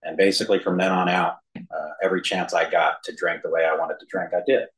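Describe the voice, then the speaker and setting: Deep-voiced man telling his story, halting. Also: level tone, a bit bright, poor audio. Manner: halting, with many fillers and self-deprecating humor. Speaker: speaker sharing his recovery story. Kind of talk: personal testimony to an audience. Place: room with an audience, also streamed to a video call.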